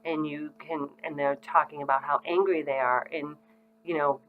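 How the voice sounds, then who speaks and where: Middle-aged woman, low pitch, casual parenting educator, relaxed and conversational. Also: moderate pace, phone-quality sound. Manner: frequent ums, conversational and reassuring. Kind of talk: casual instructional talk to parents.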